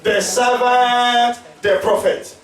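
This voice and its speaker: A pastor preaching emphatically, asking the congregation to answer back. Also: male voice, very high voice, steady tone, slow. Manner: emphatic preaching with call-and-response questions. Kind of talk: sermon. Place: church hall. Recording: echoey church, mic at a distance.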